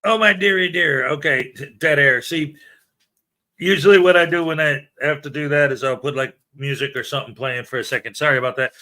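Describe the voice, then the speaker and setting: Bright, chatty male livestream host. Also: on the high side, a little fast. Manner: chatty, jokey, greets viewers by name. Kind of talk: casual live-stream chat.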